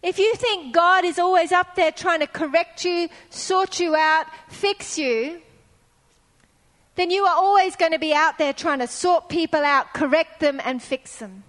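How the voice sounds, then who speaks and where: A middle-aged woman delivers a sermon in an earnest, storytelling way, hammering points home with repeated phrases. Her voice sits high. The sound rings with the long reverb of a large church hall. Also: fairly bright tone. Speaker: preacher.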